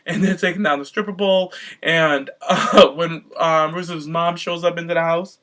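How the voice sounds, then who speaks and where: A man's voice: on the high side, steady tone, normal speed, few pauses, a bit bright. A man hosting a podcast, recapping a reality show in sassy, gossipy casual chat, swearing freely and acting out other people's voices. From Cape Verdean heritage.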